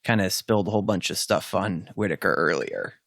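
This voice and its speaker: A man's voice: low-pitched, fairly quick, a bit bright, dry recording, studio quality. A man playing a tabletop role-playing game, chatting casually in character in an offhand, joking way. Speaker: player.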